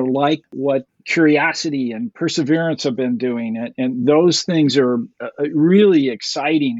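A man's voice: medium pitch, a little mellow, slightly rough, dry recording, muffled recording. A man, a scientist guest, answering enthusiastically with many fillers, over a remote line. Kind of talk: interview answers.

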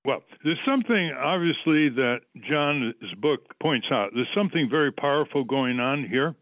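A man's voice: a little high, lively intonation, moderate pace, no echo. A man hosting a radio talk show, interviewing a guest and arguing his case in numbered, emphatic points. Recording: dry tinny phone-like line.

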